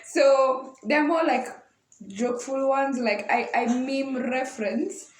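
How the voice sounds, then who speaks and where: A woman's voice: sits high, takes it slowly, reverberant. A young Kenyan woman co-hosting a podcast, joking playfully with dramatic asides. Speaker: podcast co-host. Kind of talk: casual chat.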